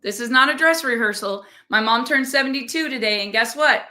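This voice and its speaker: A woman's voice: on the high side, brisk, bright, forceful tone. A middle-aged woman giving a motivational talk as podcast host, emphatic and repeating phrases for punch.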